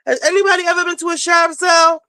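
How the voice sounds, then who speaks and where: Blunt, high-voiced woman host. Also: no echo, poor audio. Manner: blunt, profane, fast-talking, animated. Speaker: show host. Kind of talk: casual reality-TV commentary. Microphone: home streaming setup.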